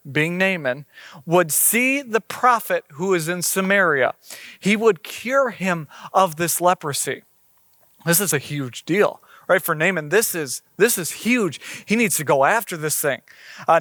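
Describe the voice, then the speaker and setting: A man's voice: a little high, fairly bright tone, no room sound, clean studio sound. A man preaching a sermon in a conversational way, reading scripture aloud and explaining it. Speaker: pastor.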